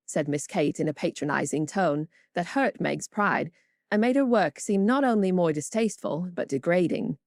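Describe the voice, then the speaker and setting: A woman with a fairly low voice reads scripted audiobook narration in a measured, even storytelling style. The studio-quality recording has no room sound.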